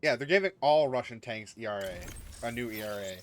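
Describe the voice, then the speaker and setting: A man's voice: medium pitch, expressive, a little fast, soft background music. A man joining a casual gaming chat on stream, chiming in with laid-back joking agreement.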